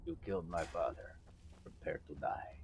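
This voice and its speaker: A man's voice: sits low, normal speed, darkish tone, a little hiss or hum, voice pushed down, natural voice. A man voicing Inigo Montoya, a solemn, vengeful swordsman.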